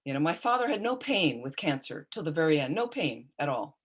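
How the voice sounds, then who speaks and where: A middle-aged woman, a Buddhist nun, giving a calm, conversational dharma talk with personal stories. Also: low-pitched, brisk, husky. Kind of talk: dharma talk on caring for the dying.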